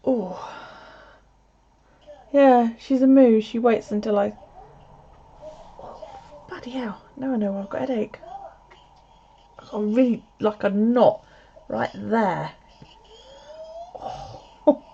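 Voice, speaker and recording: A woman's voice: a little high, slow pace, creaky, long pauses, dark tone, breathy edge. A woman streaming from home, chatting casually and telling a story with plenty of swearing. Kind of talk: casual livestream chat. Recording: slightly dull lo-fi audio.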